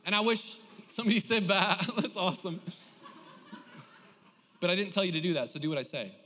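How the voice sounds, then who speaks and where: High, bright-voiced man preaching. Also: brisk, in a large hall, muffled recording, a little hiss or hum. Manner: lively, joking, calls for audience response. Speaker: pastor. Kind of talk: sermon.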